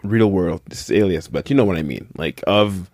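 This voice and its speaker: A man's voice: sits low, moderate pace, a little mellow, no room sound, studio quality. A man co-hosting a podcast, running a quiz in a playful mock-grand tone, then chatting casually. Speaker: podcast co-host. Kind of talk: casual chat. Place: Paris.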